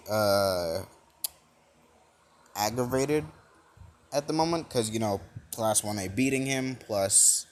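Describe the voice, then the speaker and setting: A young man improvising a fan-fiction retelling, rambling with lots of fillers and restarts. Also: mid-range voice. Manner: rambling, full of "like" and "you know", restarts. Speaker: fan storyteller.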